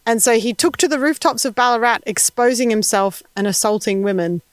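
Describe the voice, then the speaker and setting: A woman's voice: on the high side, a little fast, dry recording. Woman, Australian accent, chatty comedian guest, wry delivery, dry close mic. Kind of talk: casual storytelling chat.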